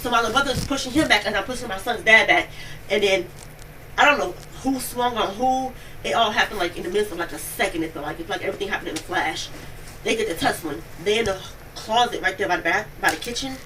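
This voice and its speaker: A woman witness giving a rapid, breathless account of events to police at home. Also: mid-range voice, bright, forceful tone. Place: home, near the kitchen. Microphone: police bodycam. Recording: distant bodycam audio with background noise.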